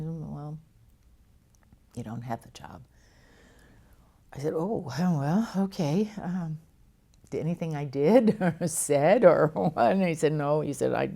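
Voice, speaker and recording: An older actress telling lively stories in an interview, with frequent laughs and restarts. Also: female voice, deep voice, vocal fry. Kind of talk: storytelling interview.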